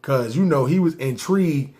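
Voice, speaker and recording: A man's voice: fairly high pitch, normal speed, darkish tone. A man, telling a personal story in slangy, casual talk and often checking "see what I'm saying". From New York. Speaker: podcast storyteller.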